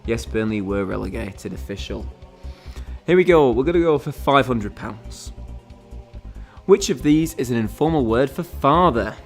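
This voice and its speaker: A man's voice: mid-range voice, expressive, moderate pace, faint music behind. Rambling man hosting a streamed quiz. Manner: rambling, many fillers and restarts. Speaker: quiz game host on a live stream. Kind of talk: casual live-stream chat.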